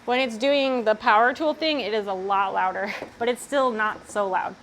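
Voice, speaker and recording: A woman's voice: fairly high pitch, normal speed, fairly bright tone, a little hiss or hum, poor audio. A woman from Australia chatting casually on a live stream, swearing freely and answering chat while she works in a workshop.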